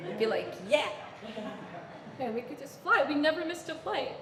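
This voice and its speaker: A woman's voice: high-pitched, fast talker, creaky, a little hiss or hum. A middle-aged woman telling stories as an interview guest on stage, acting out the voices of people she quotes. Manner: animated, acts out quoted voices. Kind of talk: storytelling in a live onstage conversation. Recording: echoey hall with long reverb.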